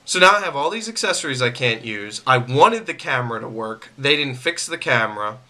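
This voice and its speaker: Bright-voiced angry man venting. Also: mid-range voice, lively intonation, a little fast. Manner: irritated, repetitive, stammering restarts. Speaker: vlogger. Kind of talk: venting straight to camera.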